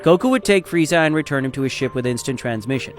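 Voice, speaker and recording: A man narrating a fan story in a steady, dramatic storytelling style. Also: medium pitch, fast talker, soft background music.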